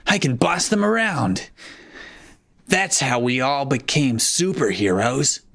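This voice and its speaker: A man's voice: mid-range voice, expressive, takes it slowly, fairly bright tone. Giggly man narrating a fanfic. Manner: giggly, laughs through the lines. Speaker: host and narrator. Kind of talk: live comedic fanfiction read-aloud.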